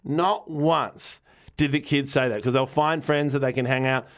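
A man's voice: medium pitch, steady tone, moderate pace. A man in a loose, casual chat. He rambles through his stories and restarts his sentences as he goes. He laughs easily and swears without a second thought. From Australia. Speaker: podcast co-host.

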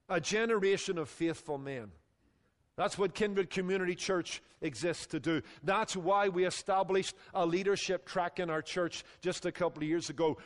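A male pastor preaching a sermon with emphatic delivery that drops low and quiet on key phrases. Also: in a large hall.

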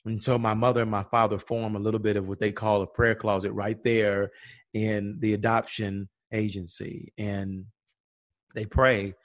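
A man's voice: fairly low pitch, level tone, normal speed, no echo. Guy from atlanta telling his story on a podcast, does the voices of people he quotes, dry close sound. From Atlanta, USA. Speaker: guest. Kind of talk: personal storytelling in conversation.

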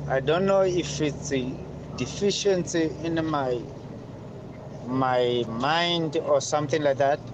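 A man calling in with a voice note, speaking haltingly and hesitantly. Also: fairly high pitch. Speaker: caller leaving a voice note. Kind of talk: recorded voice message. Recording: noisy voice note with traffic.

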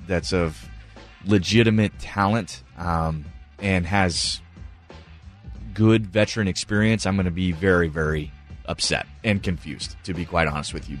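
A man's voice: low-pitched, a bit bright. A man co-hosting a sports radio show, giving earnest, opinionated takes on team moves with some fillers. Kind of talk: sports radio analysis and banter.

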